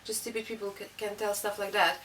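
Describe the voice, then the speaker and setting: A woman's voice: medium pitch, flat delivery, fast, fairly bright tone. A young woman, telling a story in a rambling, casual way with many fillers. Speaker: interviewee. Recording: distant mic, faint room noise.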